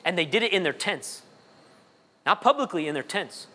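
A man preaching a sermon as pastor, his voice swinging between loud high peaks and low quiet asides. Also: expressive, moderate pace. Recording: long reverb of a large hall.

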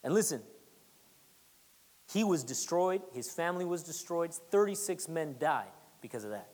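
A pastor delivers a sermon with a very animated, swinging pitch, repeating key phrases for emphasis and tossing in playful asides. The voice rings through a large church sanctuary with a long reverb. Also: moderate pace. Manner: conversational, repetitive emphasis, teasing asides.

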